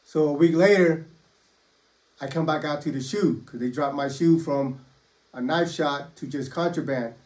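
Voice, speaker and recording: A man's somewhat high voice recounts his own prison days in loose, easygoing storytelling. His talk is full of swearing and street slang, with constant "you know" fillers. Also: a little slow, a little mellow. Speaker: former federal prisoner telling his stories. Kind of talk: casual first-person storytelling.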